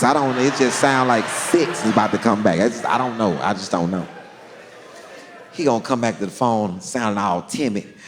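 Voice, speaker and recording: A man telling a long story on stage as a stand-up comedian, drawling and animated, with deadpan punchlines. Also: medium pitch, a little hiss or hum. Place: large theater stage. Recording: long hall reverb, faint crowd ambience.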